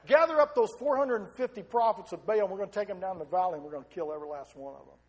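A man's voice: high voice, racing, close to an everyday voice. A man preaching, voicing a confident, commanding male prophet in a retold story.

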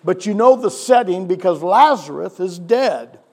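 A male pastor preaching a sermon, animated, with rhetorical questions and chuckles, in a church. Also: sits high, moderate pace. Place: church sanctuary. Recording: long church hall reverb.

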